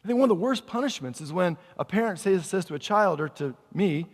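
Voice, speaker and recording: A man's voice: sits high, lively intonation, a little fast, hardly any pauses, in a large hall. A male pastor preaching a sermon in a conversational way, asking the congregation questions as he goes.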